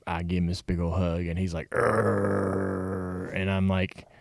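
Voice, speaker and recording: A relaxed man talks in a low, easygoing drawl. He tells stories and slips into quoted voices along the way. The sound is close and dry, with no room around it. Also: a little fast, no room sound. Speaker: co-host. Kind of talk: casual chat.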